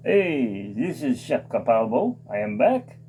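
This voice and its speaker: A man's voice: mid-range voice, sing-song, unhurried, warm tone, faint music behind. A man hosting his own casual cooking demonstration in a home kitchen, chatting and reading package steps aloud with comments. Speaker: home cooking show host.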